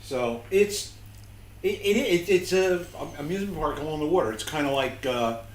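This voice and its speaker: A man's voice: a little high, animated, normal speed, echoey room, recorded from a distance, poor audio. A man co-hosting a casual livestream, trading dry jokes and rambling explanations. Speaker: livestream co-host. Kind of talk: casual chat.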